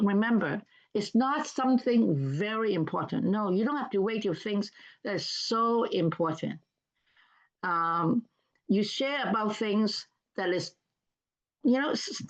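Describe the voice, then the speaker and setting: A woman's voice: mid-range voice, highs cut off. An older woman giving a casual seminar talk, chatty and repetitive, acting out example dialogues. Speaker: seminar speaker.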